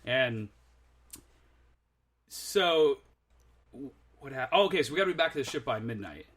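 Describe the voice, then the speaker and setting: A man's voice: mid-range voice, expressive, moderate pace, fairly bright tone. A young man, a podcast guest, in a casual chat telling a rambling story that he keeps correcting and laughing through.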